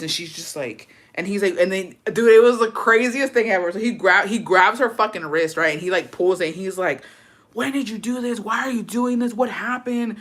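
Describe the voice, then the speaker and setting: A young woman on a livestream telling a story in a blunt, profane, animated way, slipping Spanish phrases into her English. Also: lowish voice. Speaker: livestream host. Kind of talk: casual storytime rant.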